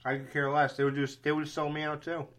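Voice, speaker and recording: A man co-hosting a horror movie podcast, chatting casually with friends. He talks with animation, laughs easily and swears freely. His voice sits bright and forward. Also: a little high, monotone, fast. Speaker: podcast co-host. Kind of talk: casual chat.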